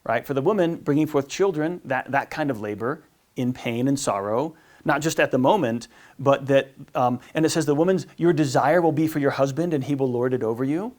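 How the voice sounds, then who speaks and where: A priest giving a casual teaching talk on marriage, often stumbling over and repeating words and acting out little exchanges. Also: male voice, medium pitch, fairly quick, darkish tone. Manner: conversational, repeats words, acts out quotes.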